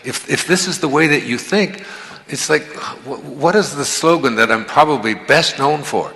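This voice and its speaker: A man's voice: fairly high pitch, normal speed, creaky, bright, forceful tone, slightly rough. An older man giving a motivational lecture, telling stories in a conversational way that often repeats and restarts words. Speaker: motivational speaker. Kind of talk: storytelling lecture.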